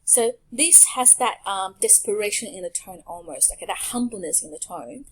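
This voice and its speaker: Lively patient woman language teacher. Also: mid-range voice. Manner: clear, patient, pauses for learners to repeat. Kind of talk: recorded online lesson over slides.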